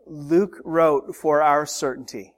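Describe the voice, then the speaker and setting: Man, pastor, earnest sermon voice, slightly high pitch, emphatic preaching. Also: fairly even intonation, slow. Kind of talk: sermon with prayer.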